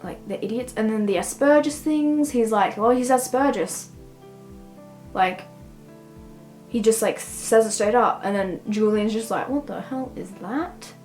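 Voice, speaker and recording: A young woman with a somewhat high voice rambles through a casual book review, throwing "like" into nearly every thought. Faint music sits quietly under her talk. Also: poor audio. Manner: rambling, heavy use of "like".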